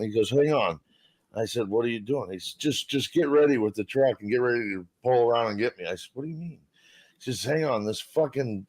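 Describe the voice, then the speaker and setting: A man's voice: medium pitch, darkish tone. A man telling a long, rambling, profane story in casual talk on a live stream panel.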